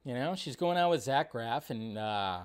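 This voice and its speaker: A man hosting a live stream in casual commentary, animated, swearing freely and mocking others in exaggerated voices. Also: medium pitch, moderate pace, smooth. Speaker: show host.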